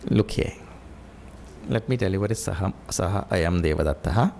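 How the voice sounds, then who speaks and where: A man's voice: low-pitched, normal speed, creaky, slight background noise. A man teaching scripture in a lecture, repeating key points and acting out stories. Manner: animated teaching with acted-out stories.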